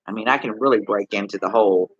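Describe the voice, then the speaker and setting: A man's voice: on the low side, quick pace, no echo, highs cut off. A man with a Texas accent chatting casually to viewers on a livestream, rambling and asking them questions. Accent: Texan. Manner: rambling, talks straight to viewers with many questions. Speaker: livestream host.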